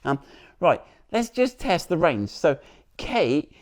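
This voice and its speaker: A man's voice: on the high side, sing-song, slow pace. A man presenting a car vlog outdoors beside the vehicle, chatty and jokey, rambling with restarts as he demonstrates.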